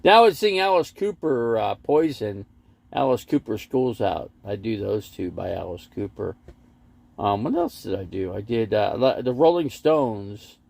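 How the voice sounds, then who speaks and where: A man's voice: on the low side, lively intonation, measured pace, vocal fry, a little mellow. A man hosting a casual live stream from his RV, rambling between stories and reading viewer comments aloud. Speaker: livestream host. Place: inside an RV parked in a lot.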